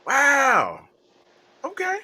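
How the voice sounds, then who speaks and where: A man hosting a casual livestream chat, animated and laughing, calling out viewers' names. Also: very high voice, drawn-out words. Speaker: livestream host.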